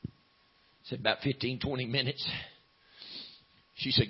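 A man preaching a revival sermon, telling a story and building to chanted shouts with gasped breaths. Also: on the high side, fairly even intonation, brisk, gravelly, pauses often, breathy edge. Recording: dull lo-fi recording.

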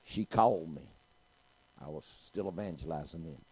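A man's voice: a bass voice, expressive, normal speed, mellow, breathy edge, rough recording. A middle-aged man, preaching a sermon and telling a story, calling out to his congregation. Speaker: pastor.

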